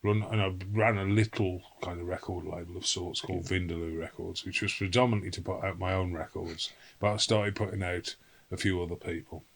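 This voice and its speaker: A man's voice: low voice, steady tone, brisk, creaky, poor audio. A man, a guest in a casual interview, telling rambling stories laced with swearing. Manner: rambling storyteller, salty swearing, acts out quotes.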